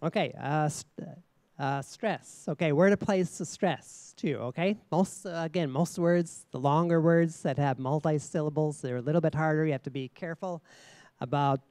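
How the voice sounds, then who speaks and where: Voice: medium pitch, normal speed, a little mellow, no room sound. A contest judge speaking from a stage microphone in a very large room, giving spoken feedback to student contestants. The judge talks in a teacherly way, posing questions to the audience and checking in with frequent "okay?".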